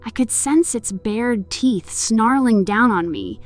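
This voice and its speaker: Woman reading a creepy story, kinda high voice, emotional, music behind. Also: lively intonation, slow. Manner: emotional, voices the heroine's pleading lines. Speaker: horror story narrator. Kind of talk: scripted horror narration. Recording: music in the background.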